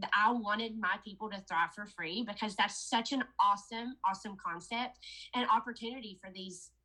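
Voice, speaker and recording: A woman's voice: on the high side, bright, forceful tone, low-quality recording. A woman promoting a product, telling a chatty story to her sales team in a casual training talk. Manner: chatty storytelling, addressing listeners as "you guys".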